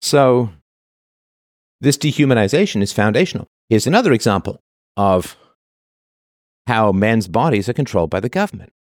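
Sarcastic low-voiced man, dry close sound. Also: lively intonation, moderate pace, pauses often, no echo. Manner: sarcastic, mocking quoted voices. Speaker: commentator. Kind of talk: monologue commentary.

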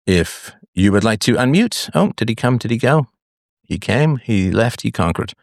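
A man's voice: mid-range voice, expressive, normal speed, gravelly, no echo, studio quality. A man hosting a live call-in show, blunt with crude asides, swinging his voice up and down as he talks. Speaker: host.

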